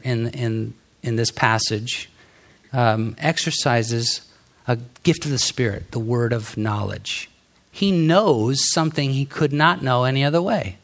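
A man's voice: medium pitch, creaky, fairly bright tone. A middle-aged man preaching a sermon in an earnest, conversational way, with some fillers and restarts. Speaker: pastor.

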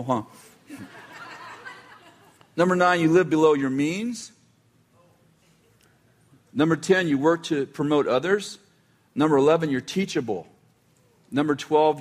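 A man preaching in a casual, conversational style, often breaking off mid-sentence and adding wry asides. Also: a little high. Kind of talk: conversational sermon.

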